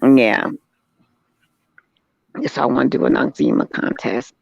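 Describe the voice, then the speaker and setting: Chatty woman host with gravelly voice. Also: extremely low pitch, measured pace, no echo. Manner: chatty, animated storytelling. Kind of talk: casual chat. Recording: dull lo-fi sound.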